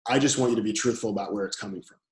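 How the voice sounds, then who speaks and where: A man, the guest of a podcast interview, talking calmly as a coach and repeating his key phrases. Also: on the low side, rapid-fire, echoey room, rough recording.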